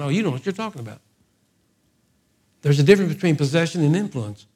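A male preacher telling a story in a lively, animated sermon, with frequent humorous asides. His voice sits fairly high for a man. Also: fast talker, pauses often, slightly rough.

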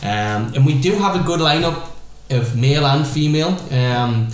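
A young man hosts a casual podcast, quick to tease and laugh. His voice sits at an ordinary pitch. The room is very echoey, with faint noise behind him. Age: 20s. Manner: teasing, laughs often. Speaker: podcast host.

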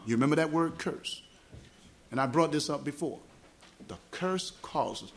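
A man's voice: on the high side, animated. A man with a Southern US accent preaching a teaching sermon at a fellowship meeting, spelling out words and asking the congregation questions. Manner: asks the congregation questions, explains words slowly. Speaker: gospel evangelist. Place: small church fellowship meeting.

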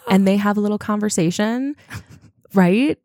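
A woman's voice: medium pitch, moderate pace, a little mellow, no room sound, clean studio sound. A woman co-hosting a podcast, chatting casually about a novel with frequent fillers. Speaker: podcast co-host. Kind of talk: casual book-club chat.

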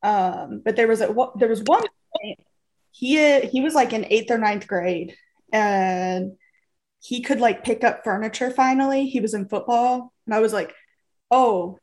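A young woman tells a family story on a casual podcast, her voice sitting a little high. She laughs often as she goes and drops to a soft, low tone for quoted lines. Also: moderate pace. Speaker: podcast co-host.

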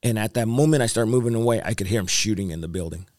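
A man's voice: lowish voice, very fast, darkish tone, no room sound, clean studio sound. A male evangelist, the interview guest, tells his story in an earnest, rambling way with repeated phrases and fillers. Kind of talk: testimony in a podcast interview.

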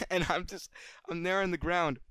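A man co-hosting a podcast, telling a childhood story in a casual, animated way and swearing freely. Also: moderate pace, clean tone, dry recording, studio quality. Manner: animated, gets louder and higher at the story's climax. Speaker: podcast co-host.

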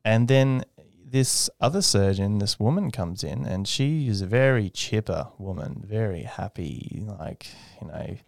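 A young man, a guest in a casual interview, telling his story with animation and jumping into a high voice to mimic people he quotes. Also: lively intonation, a little slow, gravelly, hardly any pauses, dry recording, clean studio sound. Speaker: aerospace engineer guest.

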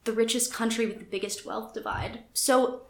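A woman's voice: on the high side, fairly even intonation, moderate pace, vocal fry. Chatty woman, echoey room. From United States. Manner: chatty, filler-heavy, self-deprecating. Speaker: podcast co-host. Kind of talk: casual chat, reading from a website.

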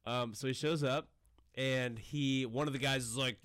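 A man's voice: medium pitch, fairly even intonation, fairly bright tone, smooth, no echo. Young male podcast host, casual movie recap, dry close voice. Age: young adult. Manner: recaps scenes, acting out lines in quick quoted asides. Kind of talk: casual chat.

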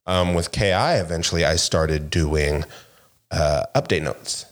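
A middle-aged man co-hosting a podcast, telling animated stories in casual chat and laughing often. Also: low voice, a little slow. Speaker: podcast co-host.

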